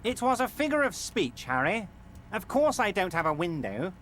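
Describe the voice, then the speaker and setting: An actor playing a smug, smooth-talking middle-aged union boss in a video game, patronizing and falsely soothing. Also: male voice, sits high, big pitch swings, normal speed, a bit bright. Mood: pompous.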